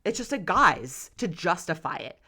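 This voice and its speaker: A woman's voice: on the low side, big pitch swings, moderate pace, bright, forceful tone. Impassioned woman hosting a solo podcast. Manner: impassioned, candid, swearing. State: close to tears. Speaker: podcast host.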